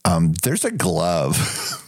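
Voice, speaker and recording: Guy with a lowish voice, bouncy delivery, laughing a lot on a movie podcast, dry close sound. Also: extremely slow, vocal fry, dry recording. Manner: animated, laughing, acts out quotes. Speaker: podcast co-host. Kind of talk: casual movie review chat.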